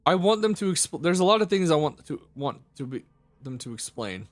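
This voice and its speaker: A man's voice: fairly high pitch, big pitch swings, a little fast, soft background music. A man streaming a game, rambling and correcting himself as he comments casually. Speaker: gaming streamer.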